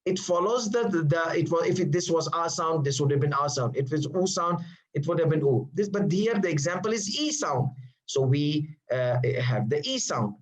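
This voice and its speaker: A man's voice: a little high, lively intonation, normal speed, low-quality recording. A man teaching Arabic grammar in English, posing questions and answering them himself with patient repetition. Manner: repeats terms patiently, many fillers. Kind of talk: classroom lecture.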